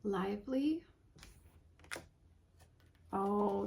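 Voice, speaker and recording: Low-voiced woman gushing over a tarot deck. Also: a little slow, slight background noise. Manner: gushing, emotional, reads card names softly. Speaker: tarot vlogger. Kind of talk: casual unboxing vlog.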